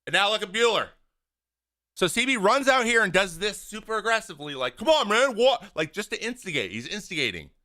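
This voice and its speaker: A man with a bright, forceful voice pitched a bit high talks casually over a replay. He acts out each player's lines with big swings of pitch and loudness. He sounds blunt and openly exasperated. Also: fairly quick. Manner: animated, acts out what players say. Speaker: host, former pitcher. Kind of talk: casual video breakdown commentary.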